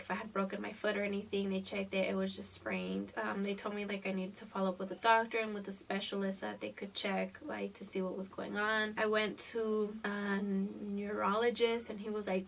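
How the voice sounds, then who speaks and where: Young woman vlogger, twenties, mid-pitch voice, casual storytime with lots of swearing, sitting a bit back from the camera mic. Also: vocal fry, far from the mic, a little hiss or hum. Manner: casual and profane, laughing through the story.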